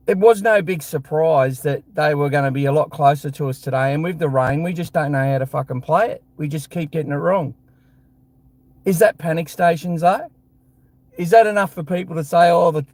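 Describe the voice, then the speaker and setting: A man with an Australian accent holds forth on his live fan show in a blunt, heated, profane rant. His voice sits a little higher than most men's. The sound is dry, with no room echo.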